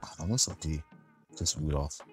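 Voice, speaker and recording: A man on a casual podcast, guessing at quiz answers in a low, unsure mumble. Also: little pitch movement, normal speed, mellow, soft background music. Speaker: podcast co-host, quiz contestant. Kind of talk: casual chat.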